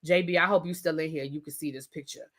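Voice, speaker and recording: A woman hosting a live review, retelling scenes in a lively way and mimicking the people she describes. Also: low voice, fast. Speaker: TV review channel host. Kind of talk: live rant and recap of a reality show.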